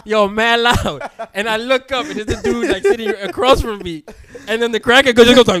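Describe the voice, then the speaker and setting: A young man, telling a story to friends in an animated, slangy way and laughing often. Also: sits high, brisk, crowd noise. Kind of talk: casual storytelling among friends.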